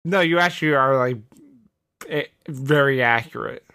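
A male comedy podcast host in casual chat, explaining rules and reacting with exasperation. His voice sits at a middling pitch. He laughs easily between lines. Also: normal speed, sharp tone, clear, resonant tone.

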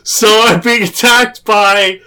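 A man's voice: high voice, steady tone, takes it slowly, sharp tone, clean tone. A man co-hosting a comedy podcast, asking wry, teasing questions. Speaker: podcast co-host. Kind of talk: casual comedic chat.

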